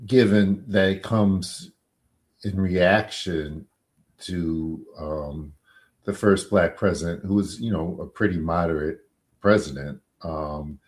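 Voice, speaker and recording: In a low voice, a male defense attorney being interviewed gives measured, stop-and-start answers full of pauses and fillers.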